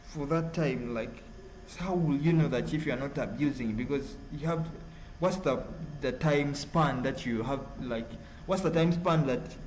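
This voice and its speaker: A Ugandan-accented man chats his way through a live stream at a medium pitch, wandering and restarting his sentences. His talk is loose and full of fillers, with a faint hiss of noise behind him. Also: a little mellow, poor audio. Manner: rambling, halting, full of fillers. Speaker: live-stream host reading chat. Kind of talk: casual live-stream chat.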